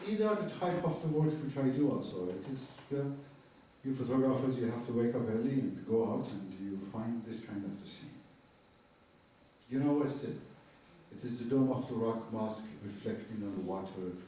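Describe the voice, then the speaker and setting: An older photojournalist gives an earnest, halting storytelling lecture with slides in a university lecture hall, using non-native phrasing and raising his voice to quote dialogue. His voice is medium-pitched and dark in tone, recorded at a distance in a roomy hall with slight background noise.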